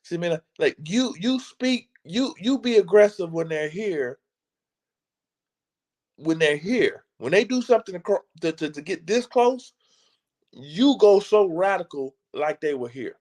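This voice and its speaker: A man's voice: sits high, lively intonation, measured pace, a little mellow. A man giving a passionate, casual talk as a motivational speaker, emphatic and preacher-like, often stumbling and repeating words as he builds momentum. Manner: casual, slangy delivery.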